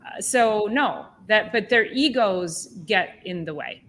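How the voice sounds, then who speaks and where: Woman chiropractor host, casual podcast chat, lively storyteller, mid-range voice. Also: medium pitch, slow pace, a little hiss or hum. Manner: animated, indignant storytelling with many restarts.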